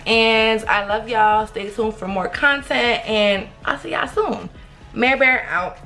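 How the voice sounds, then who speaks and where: A young woman chats through a lively storytime vlog, her voice bright and forceful and pitched a little high. She speaks directly to her viewers. Faint music plays behind her. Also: takes it slowly. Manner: animated, talks straight to viewers. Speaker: vlogger.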